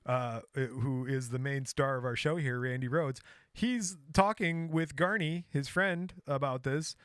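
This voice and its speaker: A man's voice: medium pitch, unhurried, a bit bright, smooth, no room sound, studio quality. A man casually retelling a true crime story on a podcast, joking and laughing along with his co-host. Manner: retells the story acting out quotes, laughs often.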